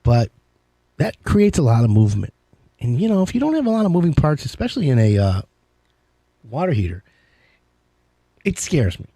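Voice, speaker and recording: Animated, jokey male radio host. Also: medium pitch, moderate pace, pauses often, dry recording, studio quality. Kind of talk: casual call-in radio chat.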